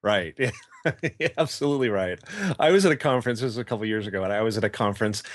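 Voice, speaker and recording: A man co-hosting a podcast in casual chat, an animated storyteller who acts out the people he quotes. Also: lowish voice, quick pace, dry recording, clean studio sound. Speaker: podcast co-host.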